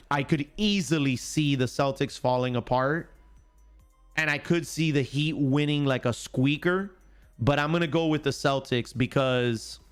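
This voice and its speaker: A man's voice: medium pitch, clean tone. A man hosting a casual live-stream sports show, chatting straight to his viewers and making confident, emphatic predictions.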